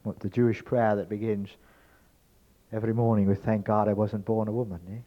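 A man giving a spoken lecture in an emphatic, rhetorical way, swinging between loud stresses and hushed asides. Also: on the low side, little pitch movement, a little fast. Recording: dull lo-fi recording.

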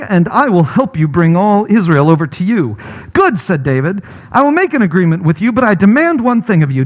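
Lively high-voiced pastor, mask-muffled. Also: male voice. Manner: lively storytelling, paraphrasing characters in casual speech. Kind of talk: sermon. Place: church worship gathering.

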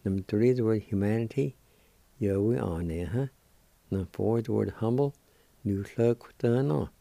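An older man with a Cherokee accent teaching words slowly and deliberately as a radio language teacher, repeating each one. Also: lowish voice, creaky, warm tone, no echo. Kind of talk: slow spelled-out language lesson.

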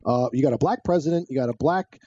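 A man in a casual talk podcast, blunt and quick, speaking in asides. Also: mid-range voice, dark tone, slightly rough. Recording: dull lo-fi sound.

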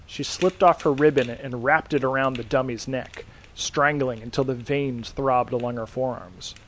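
Brief: male narrator, mid pitch, dry deadpan horror reading, slight hiss. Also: moderate pace. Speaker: podcast host and reader. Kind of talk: scripted horror story narration.

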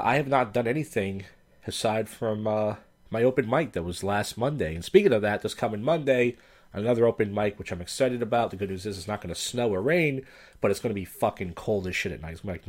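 A man's voice: on the low side, darkish tone. A man hosting a casual commentary show on viral clips, talking in a blunt, profane, sardonic way. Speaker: host.

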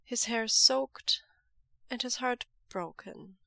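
A woman narrating fan fiction aloud in a steady, measured storytelling read. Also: a little high, vocal fry, no room sound, clean studio sound. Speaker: podfic reader.

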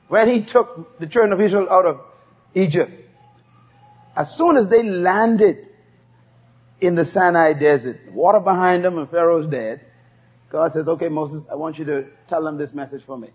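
A man's voice: a little high, moderate pace, long pauses, darkish tone, breathy edge. A man preaching a sermon, emphatic and repeating key phrases for the congregation to say back. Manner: emphatic call-and-response preaching. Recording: dull lo-fi sermon tape.

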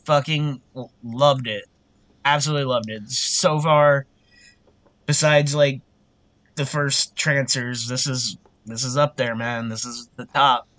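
A man's voice: medium pitch, fairly even intonation, unhurried, sharp tone. A man co-hosting a casual film podcast, who rambles with lots of "like" and swears freely. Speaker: podcast co-host. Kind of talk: casual chat.

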